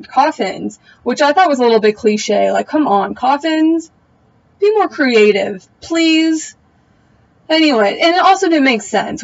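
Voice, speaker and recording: A woman's voice: a little high, highs cut off. Chatty young woman recapping a show. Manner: chatty, opinionated, slangy, trails off with asides. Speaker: TV recap vlogger. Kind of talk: casual episode recap.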